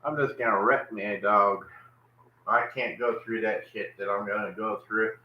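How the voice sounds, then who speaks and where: A man with a fairly low, fairly even voice rambles at a moderate pace on a live home vlog, breaking off to baby-talk his dogs in a folksy Southern drawl. Moving between kitchen and porch, he's recorded muffled in an echoey room with faint background noise.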